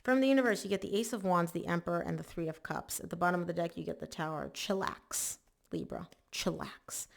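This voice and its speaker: A woman's voice: on the low side, steady tone, fast, gravelly, hardly any pauses. A woman giving a casual tarot reading, chatty and emphatic, often saying "like" and acting out the listener's worries. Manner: chatty and emphatic, lots of "like" and "oh my gosh". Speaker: tarot reader.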